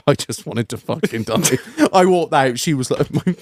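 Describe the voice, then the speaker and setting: A man co-hosting a podcast tells stories in a loose, sweary way and laughs often. His pitch sits a little high and swings widely, and the sound is close and dry. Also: unhurried, no room sound. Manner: sweary, laughing, animated storytelling. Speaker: podcast co-host. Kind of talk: casual storytelling chat.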